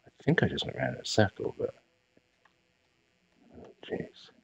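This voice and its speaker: A man's voice: rapid-fire, highs cut off, slight background noise. A man out of breath, giving jittery live commentary on a horror game, talking to his character and dropping to whispers. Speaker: let's play streamer.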